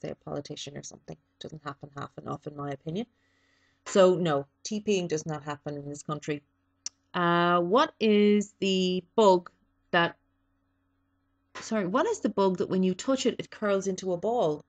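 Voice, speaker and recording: A woman's voice: fairly low pitch, moderate pace. A woman with an East Coast Irish accent from Dublin, chatting casually and reading a word list with dry humour and frequent ums. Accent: Irish, East Coast (Dublin area). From Ireland (Dublin). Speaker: vlogger.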